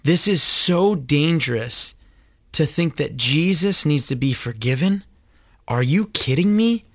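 A man's voice: on the high side, no echo. Earnest preachy man, dry close sound. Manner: earnest, preachy, stammering restarts. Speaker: host. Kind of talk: critical commentary on church teaching.

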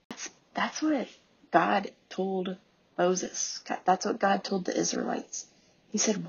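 A woman in her thirties, a homeschooling mom and podcast host, giving an earnest devotional talk with soft pauses. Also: medium pitch, creaky, slightly rough, highs cut off.

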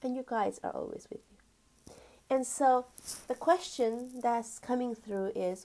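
A woman giving a spiritual teaching talk, gentle and earnest, stretching key words and sometimes dropping to a whisper. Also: a little high, slow. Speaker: spiritual teacher and energy healer.

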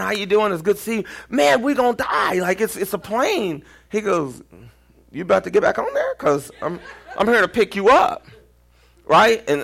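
A pastor with a Texan accent preaching a storytelling sermon, acting out quoted voices and sometimes near-shouting. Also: male voice, fairly high pitch.

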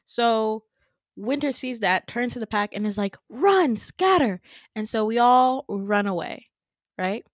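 A young woman hosting a podcast, retelling a dream in a casual, animated way with swearing and laughing asides. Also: on the high side, measured pace, dry recording, studio quality. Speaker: podcast host. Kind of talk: casual storytelling.

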